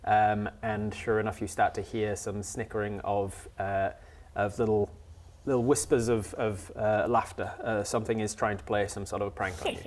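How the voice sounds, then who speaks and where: A man's voice: fairly low pitch, flat delivery, moderate pace. Rambling man running a tabletop game. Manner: rambling, many fillers, laughs easily. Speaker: game master.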